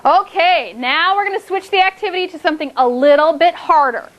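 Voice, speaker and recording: A woman teaching a phonics lesson to second graders, drawing words out slowly and praising the class often. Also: very high-pitched, very noisy. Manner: slow, drawn-out words for children, upbeat praise.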